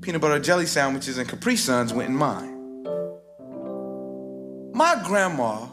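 Male rapper doing spoken word, slightly high voice, wry and rhythmic, guitar playing clearly behind him. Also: big pitch swings. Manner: rhythmic, wry, with dramatic pauses. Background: guitar music.

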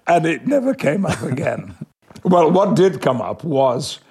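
An older man from Yorkshire with an English accent, a veteran actor telling measured, reflective anecdotes in an interview and chuckling often. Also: on the high side, sing-song, vocal fry, darkish tone, breathy edge. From Yorkshire, England. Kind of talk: interview storytelling.

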